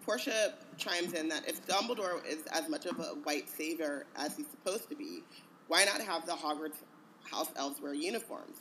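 A man's voice: a little high, moderate pace, sharp tone, a little hiss or hum. A man co-hosting a casual podcast, talking in a rambling, hesitant way with many ums and likes. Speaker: podcast co-host. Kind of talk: casual chat.

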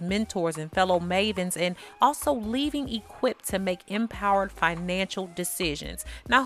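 A woman hosts her podcast with a bubbly, folksy warmth, talking to her listeners like friends. Her voice sits at a mid pitch. Faint music plays softly underneath her. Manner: bubbly, folksy, spells out web address slowly. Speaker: podcast host. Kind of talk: upbeat promo read.

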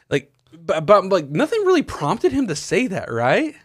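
A young man tells a rambling story on a podcast, stuffing it with fillers and acting out the other people in it. His voice sits a little high, and it sounds dry and close, with no room around it. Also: wildly swooping pitch, unhurried, no room sound. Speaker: podcast co-host. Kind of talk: casual chat.

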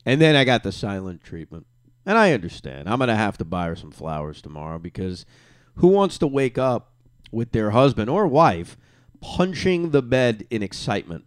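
A middle-aged man hosting a podcast alone, ranting with euphoric excitement late at night on little sleep, jumping from yelling to hushed asides. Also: mid-range voice, normal speed, dry recording. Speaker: podcast host. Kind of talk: excited solo sports reaction.

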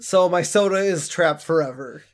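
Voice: medium pitch, moderate pace. A podcast co-host in casual chat who laughs often and jokes about the episode.

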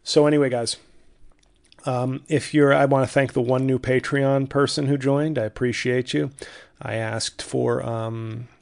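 A man hosts his own comedy podcast alone from a home studio, talking at a middle pitch. He rambles in a dry, sardonic way, swears freely and mocks himself between asides. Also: fairly even intonation, unhurried, gravelly. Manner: sardonic, profane, self-mocking rambling. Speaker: podcast host. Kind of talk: solo comedic podcast monologue.

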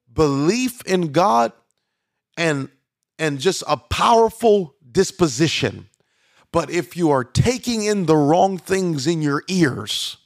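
A man's voice: fairly high pitch, creaky, dry recording, clean studio sound. A man preaching as a pastor, talking conversationally with frequent restarts and fillers. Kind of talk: sermon.

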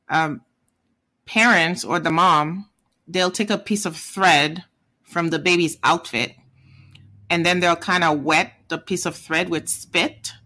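A Haitian-accented teacher and native Haitian Creole speaker with a bright, crisp tone. They explain each word slowly and say it twice. They often check in with a quick "okay?" or "right?". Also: medium pitch. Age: adult parent. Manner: patient, repeats words, checks in with "okay?" and "right?". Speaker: language teacher. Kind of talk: casual video lesson.

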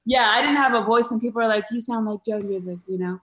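A woman's voice: a little high, fast talker, fairly bright tone, reverberant. A woman comedian chatting as a podcast guest, rambling with lots of fillers and restarts. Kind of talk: casual podcast chat.

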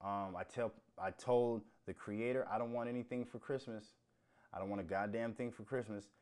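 Blunt, profane man, low-voiced. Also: fairly even intonation, normal speed, darkish tone, clean tone. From United States. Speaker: podcast host. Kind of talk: casual solo podcast rant.

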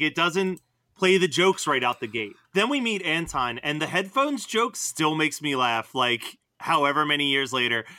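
Podcast host, male, high-ish bright voice, animated casual delivery, dry close sound. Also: no room sound. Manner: animated, laughs often, retells scenes. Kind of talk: casual movie discussion.

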